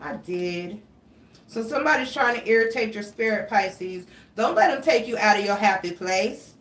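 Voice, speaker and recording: Here a young tarot reader talks at a normal speed in an animated, mid-range voice with a touch of brightness. Her casual reading is rambling, chatty and full of swearing, picked up from a distance with a roomy echo.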